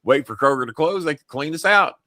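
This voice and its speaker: An older man with a bright, forceful voice tells long, rambling stories full of swearing. He laughs into his own sentences and circles back often. The sound is dry and close. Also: on the high side, lively intonation, fairly quick, no room sound. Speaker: show host. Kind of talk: profane comic storytelling.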